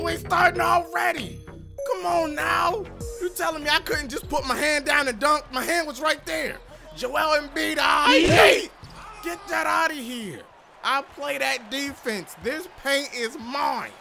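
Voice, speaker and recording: Casting: high-voiced young gamer, gravelly, hyped trash-talk commentary. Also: male voice, unhurried. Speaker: gaming YouTuber. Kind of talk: gameplay commentary. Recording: game music behind.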